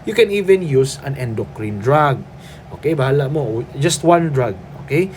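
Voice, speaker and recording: A man's voice: medium pitch, lively intonation, moderate pace, darkish tone, a little hiss or hum. Firm Filipino man lecturing a class. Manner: firm, tags lines with "okay?" and "no?"; mixes English with Cebuano. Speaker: nursing instructor.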